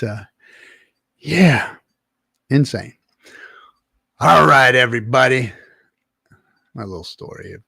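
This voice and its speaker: A man's voice: lowish voice, vocal fry, husky, dry recording, clean studio sound. A middle-aged man from California, hosting a livestream and telling a rowdy, profanity-laced story between laughs and reading the chat. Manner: animated, swearing, laughing anecdote. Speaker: livestream host.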